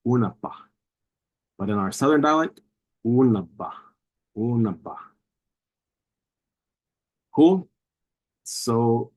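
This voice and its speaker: A man's voice: medium pitch, poor audio. A man teaching a language lesson, patiently repeating each word several times to model its pronunciation.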